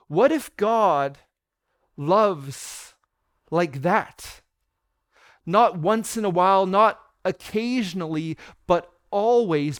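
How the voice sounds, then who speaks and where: Guy pastor preaching a sermon, kinda high smooth voice, earnest storyteller, close dry sound. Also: no echo. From Canada. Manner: earnest storytelling, drops softer and slower for quoted tender words. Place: church.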